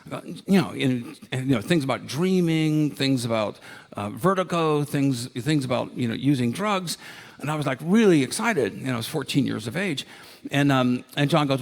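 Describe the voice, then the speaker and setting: Man in his sixties from Ohio, conference speaker, chatty anecdotal storyteller, mid-pitched. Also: animated, moderate pace, vocal fry. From Ohio, United States. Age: 60s. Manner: anecdotal, enthusiastic, with many fillers. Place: conference ballroom.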